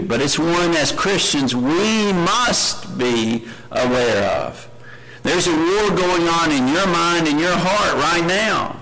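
A man's voice: on the high side, a bit bright, rough recording. A man preaching a sermon, earnest, asking his listeners questions and reading scripture aloud with rising emphasis. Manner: earnest, asks the congregation many questions.

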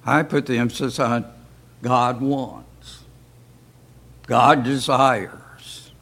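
Drawing out his words in a steady, mid-range voice that is a bit bright, a man teaches an informal church Bible class. He keeps it folksy and regularly throws out rhetorical questions.

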